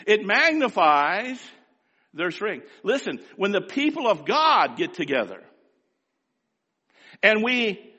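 A man preaching a sermon in a scratchy voice, swinging from quiet asides to loud, rising exhortation. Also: high voice, long reverb tail, lo-fi sound.

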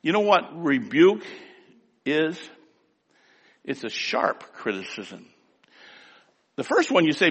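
A man preaching a sermon, emphatic, swinging between loud, drawn-out declaiming and quiet asides. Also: fairly high pitch, big pitch swings, husky. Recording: long hall reverb.

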